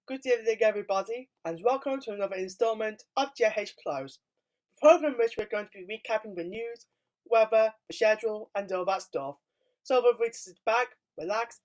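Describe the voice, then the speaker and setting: A woman's voice: medium pitch, darkish tone, low-quality recording. A woman presenting a homemade mock TV channel, announcing its programmes in a breezy, playful way.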